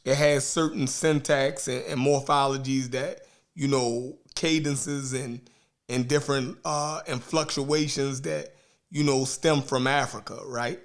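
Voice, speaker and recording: A man hosting a casual discussion, talking slowly and hesitantly with lots of "um" and "right". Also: medium pitch, fairly even intonation.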